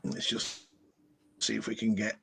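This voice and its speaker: British male live-stream host, relaxed chat, reads viewer comments on air. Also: measured pace. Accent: British English. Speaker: livestream host.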